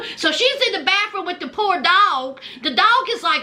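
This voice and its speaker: A woman giving sassy, animated casual commentary on a reality show, with folksy asides. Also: extremely high pitch, normal speed, few pauses.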